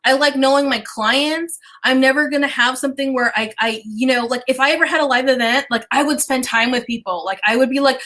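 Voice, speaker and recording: Woman, business coach hosting a live stream; bright, sharp tone, chatty, drops casual curses, talks right to the audience. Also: high voice, brisk, hardly any pauses, low-quality recording. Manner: chatty and animated, casual swearing, addresses viewers directly. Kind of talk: casual livestream chat.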